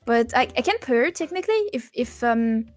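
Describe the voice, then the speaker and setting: A woman's voice: fairly high pitch, sing-song, normal speed, faint music behind. A woman, a guest chatting casually on a stream, playful and giggly as she searches for her words. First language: French. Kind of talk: casual chat.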